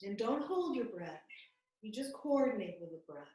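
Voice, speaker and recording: A woman leads a yoga class with a gentle, soothing manner and a slightly raised pitch. She sounds set back from her computer mic, and her voice rings in a very echoey room over the video call. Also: normal speed, far from the mic. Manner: gentle, calm, soothing cues. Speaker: yoga instructor. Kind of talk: guided yoga class instruction.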